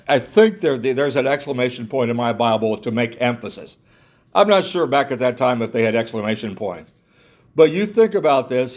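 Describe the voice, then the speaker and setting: A man's voice: mid-range voice, a little mellow. A man preaching a sermon in an earnest way, repeating himself, restarting phrases and asking his listeners rhetorical questions.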